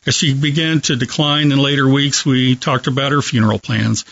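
A man with a gravelly edge tells a story in a calm, reflective way. His voice sounds dry and close, with slightly dull, muffled audio, like a radio show guest. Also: mid-range voice, moderate pace, no echo. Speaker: hospice worker telling a story.

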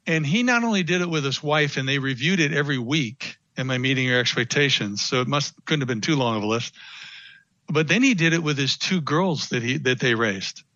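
A bright, forceful man in a radio interview, taking on little voices as he tells a story. The sound is dull and dry. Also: a little high, brisk, dry recording. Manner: animated storytelling, acts out quotes. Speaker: guest consultant.

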